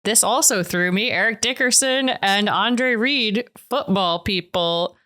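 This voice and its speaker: A woman's voice: medium pitch, unhurried, bright, forceful tone. A woman co-hosting a podcast, chatting playfully about a reality show. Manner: playful, laughs along. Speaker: podcast co-host. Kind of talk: casual recap chat.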